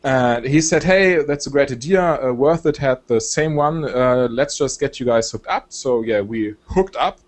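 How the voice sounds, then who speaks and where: A young man from Germany with a German accent, chatting casually as a guest, relaxed and hesitant with many fillers. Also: medium pitch, normal speed, hardly any pauses. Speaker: guest, game shoutcaster. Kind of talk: casual chat.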